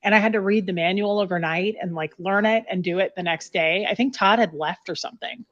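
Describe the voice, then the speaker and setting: A woman's voice: medium pitch, a little fast, a bit bright. Woman, candid storyteller, salty and blunt, muffled call audio. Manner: blunt, swears freely, many "like" fillers. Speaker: guest recounting her past.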